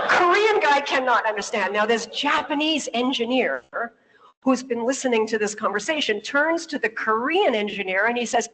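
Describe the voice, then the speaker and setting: A woman on stage gives a lively talk, moving between stories and questions to the audience and often laughing along the way. Her voice sits a little high. A long reverb trails behind each phrase, as in a large hall. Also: moderate pace. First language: English. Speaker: public speaker. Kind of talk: public talk with anecdotes.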